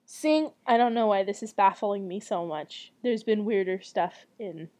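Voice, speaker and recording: A woman's voice: medium pitch, measured pace. A woman reading a fairy tale aloud in a casual, giggly way, often breaking off to comment. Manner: animated, giggly, self-interrupting. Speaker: storyteller. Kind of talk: casual read-aloud with chatty asides.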